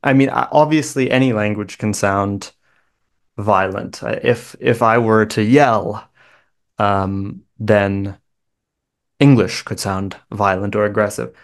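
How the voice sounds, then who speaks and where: Canadian guy talking slow n clear for learners, lowish voice, careful explainer. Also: steady tone. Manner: measured, thoughtful, explains carefully. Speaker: guest English teacher.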